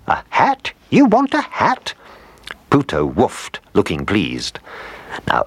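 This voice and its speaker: Brief: low-voiced male storyteller, husky tone, very lively swings in pitch. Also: no room sound. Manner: gentle, animated reading with asides to the listener. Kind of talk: scripted storybook narration.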